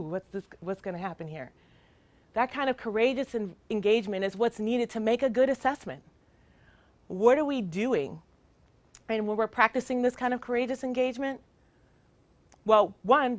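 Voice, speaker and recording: A woman's voice: mid-range voice, no room sound. A middle-aged woman, a child welfare worker, giving an earnest, emphatic training talk with rhetorical questions.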